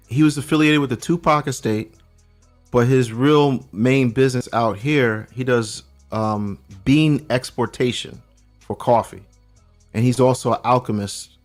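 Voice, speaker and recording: A middle-aged man from Brooklyn, telling stories as a guest on a casual podcast. He talks in street slang and restarts his sentences a lot. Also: mid-range voice. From Brooklyn, New York. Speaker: guest checking in from abroad.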